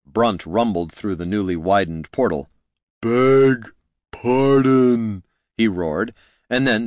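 A man narrating a fantasy audiobook in a wry, expressive storytelling manner. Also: low voice, dry recording, clean studio sound.

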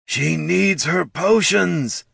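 A man's voice: medium pitch, animated, unhurried, vocal fry, sharp tone, breathy edge, no room sound, distant mic, pitched above the performer's own voice, full character voice. A man voicing a huge, frantic troll who bellows and frets in anguish. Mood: fretful.

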